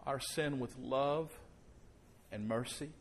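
Soft-and-loud preaching male pastor. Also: medium pitch, a little hiss or hum. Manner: slows down and drops soft for emphasis, then rises loud. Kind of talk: sermon. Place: church service before a congregation.

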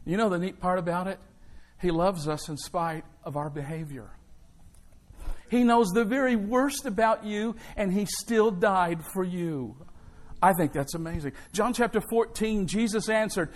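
Male pastor, slightly higher voice, punchy rhythmic sermon delivery, calls for amens. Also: a little slow. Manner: emphatic, rhythmic preaching with call and response. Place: church.

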